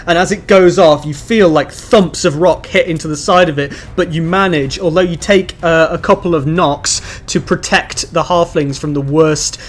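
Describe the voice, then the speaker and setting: High-voiced male game master. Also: normal speed, few pauses. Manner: lively, dramatic scene narration. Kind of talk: narrating a tabletop game.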